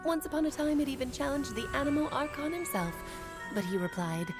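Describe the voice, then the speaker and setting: A woman's voice: high voice, lively intonation, brisk, over music. A woman voicing a playful, grand witch and mother in a dubbed video game. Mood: amused.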